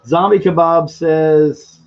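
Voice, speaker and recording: A man chatting on a livestream in a rambling, boisterous, self-mocking way, his voice pitched a little higher than most men's and a touch hoarse. The sound is dull and lo-fi. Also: a little mellow. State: slightly hoarse throat. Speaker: livestream host reading chat. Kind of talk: casual livestream chat.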